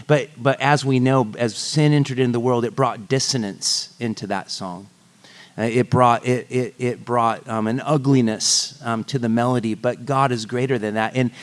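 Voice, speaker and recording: A male pastor giving a sermon at a church service, at a mid-range pitch typical for a man. He speaks in a conversational, self-interrupting way, breaking up serious points with light jokes. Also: clean tone. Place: church service before singing congregation.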